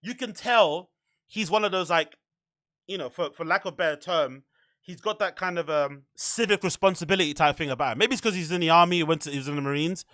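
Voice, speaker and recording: A young man with a high, bright voice talks through a loose, rambling podcast chat, packed with fillers and swearing. The sound is dry and close, with no room around it. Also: fast talker, dry recording. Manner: rambling, animated, swears a lot, filler-heavy. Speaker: podcast host. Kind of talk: casual chat.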